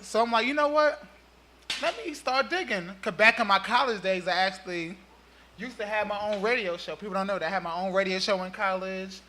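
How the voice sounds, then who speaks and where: An animated, chatty man, telling how he started his show. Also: sits high, quick pace, slight background noise. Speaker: show creator. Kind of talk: casual storytelling.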